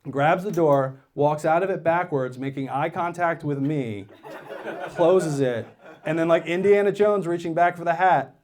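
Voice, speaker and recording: A man in his thirties is doing stand-up comedy. He tells a long personal story in a loose, conversational way, and his voice sits a little high for a man. He keeps slipping into quoted lines from other people along the way. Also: normal speed, very noisy.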